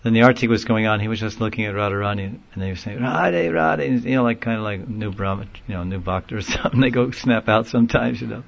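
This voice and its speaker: A man telling a long story in a casual, rambling way, often laughing and getting animated when he quotes people. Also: fairly low pitch, fast talker, creaky, hardly any pauses, highs cut off. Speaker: speaker recounting a story in a class. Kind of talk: informal storytelling talk.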